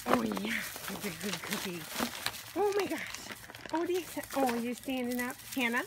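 A woman's voice: big pitch swings, normal speed, heavy background noise. A woman talking to her dogs at home in a coaxing, sing-song way while she unwraps a box. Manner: high sing-song coaxing pet talk. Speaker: dog owner filming her pets. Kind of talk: casual talk to her dogs while unboxing. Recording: loud paper crinkling behind voice.

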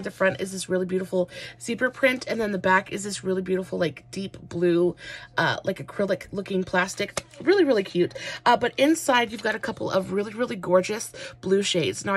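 A woman chatting through a makeup tutorial, rambling and gushing with lots of fillers. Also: mid-range voice. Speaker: makeup vlogger.

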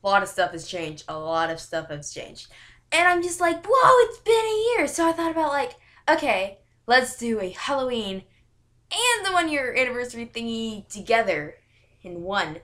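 Woman vlogger with a high, bouncy voice who rambles and giggles. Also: sing-song, normal speed, fairly bright tone. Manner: giggly, rambling, self-correcting. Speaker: YouTuber. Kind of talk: casual vlog chat to camera.

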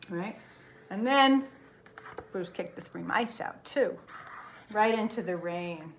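A woman librarian reading a picture book aloud to children, expressive and chatty, often checking in with "right?". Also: mid-range voice, slow pace, long pauses, slight background noise. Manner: lively, expressive storytelling with frequent "right?".

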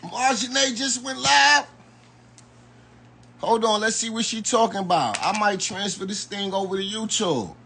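A man's voice: high voice, a little slow, vocal fry, sharp tone, a little hiss or hum. A man giving loose, slangy live-stream commentary and talking straight to his viewers. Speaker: YouTube commentator.

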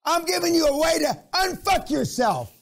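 High-pitched shouting man berating listeners. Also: big pitch swings, moderate pace, creaky. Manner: profane, berating, shouts often. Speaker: business seminar speaker. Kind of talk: aggressive motivational seminar rant.

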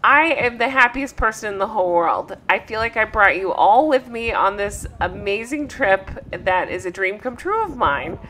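A woman's voice: medium pitch, lively intonation, moderate pace, hardly any pauses, sharp tone, slight background noise. A woman hosting a travel vlog and chatting in a gushing, breathless way. She sounds tired from travel and talks into a travel mic. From United States. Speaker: vlog host. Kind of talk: excited travel vlog chat.

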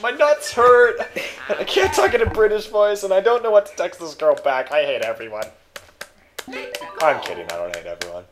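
A young man giving crude, excitable gaming commentary, often yelping and shouting at the game. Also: fairly high pitch, a little fast, slight background noise. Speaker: let's play commentator. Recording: game music behind the voice. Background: game music.

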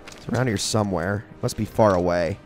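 A young man giving casual, excitable commentary while playing a shooter game, talking to himself and the enemies. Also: lowish voice, a little fast, soft background music. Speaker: gaming channel host.

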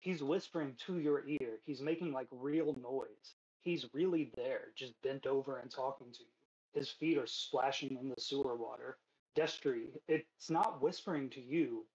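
A man's voice: mid-range voice, normal speed, darkish tone. A man narrating as game master in a tabletop game, casual and full of fillers, a bit out of breath. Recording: dull lo-fi stream mic.

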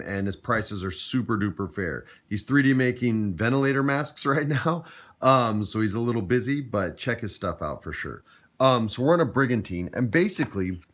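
A man's voice: lowish voice, a bit bright. A man hosting a casual video about a tabletop game, laid-back and joking, with plenty of "like" and "uh". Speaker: host and game master.

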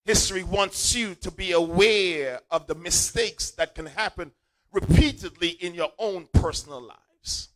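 A man's voice: high-pitched, a little slow, a bit bright, poor audio. A male preacher delivering a sermon in church, repeating key lines and calling on the congregation to say them back. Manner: call-and-response preaching, repeating lines for emphasis.

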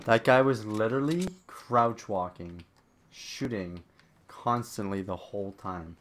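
A man's voice: fairly low pitch, unhurried, slight background noise. Young man chatting over gameplay. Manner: chatty, addresses viewers as guys. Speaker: gaming channel host. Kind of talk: casual gameplay commentary.

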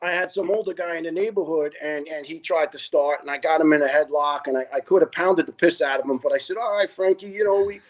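A retired fire lieutenant from Staten Island, now in his fifties, shares family stories on a podcast in a casual, sincere, heartfelt manner, imitating the words of others. He talks fast with hardly any pauses, his voice on the high side and his intonation fairly even.

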